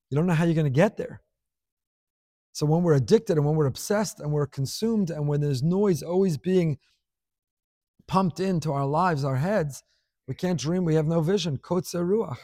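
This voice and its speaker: A man's voice: fairly high pitch, normal speed, mellow, dry recording, studio quality. A man giving a Torah class, teaching expressively with rhetorical questions and scattered Hebrew and Yiddish terms.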